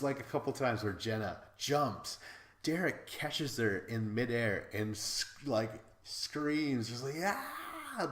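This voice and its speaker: A man from Wisconsin hosting a podcast, recapping episodes in a casual, excitable way, swearing freely and laughing as he talks. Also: on the low side, roomy sound. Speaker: podcast host.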